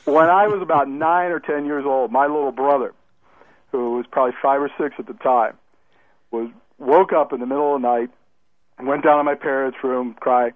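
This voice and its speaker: A man calling in to a radio show, telling a story in a lively way. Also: mid-range voice, normal speed, no room sound. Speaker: caller. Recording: tinny phone line.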